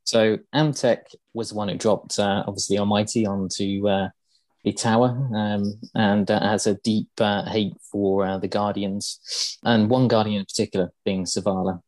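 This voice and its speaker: A man's voice: fairly low pitch, level tone, normal speed, a little mellow, no room sound. A man hosting a podcast, casually explaining game lore with many ums and uhs. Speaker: podcast host.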